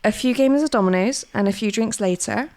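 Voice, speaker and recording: A woman's voice: fairly high pitch, brisk, a little mellow. A woman from Britain co-hosting a podcast, telling a true crime story in casual chat, laughing often and swearing freely. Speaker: podcast co-host.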